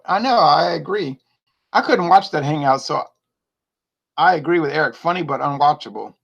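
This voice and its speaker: Chatty gravelly-voiced man reviewing beer. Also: a little high, moderate pace, long pauses, fairly bright tone, muffled recording. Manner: chatty, laughing, reads out viewer comments. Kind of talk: casual chat to a live-stream audience.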